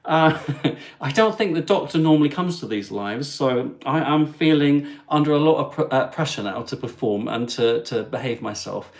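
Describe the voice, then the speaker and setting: A man's voice: mid-range voice, expressive, moderate pace. A man hosting his travel livestream, chatting in a cheeky, jokey way with asides to viewers. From England. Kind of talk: chatty live stream.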